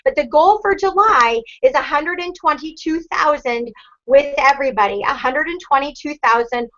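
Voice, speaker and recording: Peppy high-voiced woman leading a team call. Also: normal speed, highs cut off. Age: 40s. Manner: energetic cheerleading, whoops and cheers. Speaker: sales team leader. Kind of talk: upbeat team call, announcing recognition.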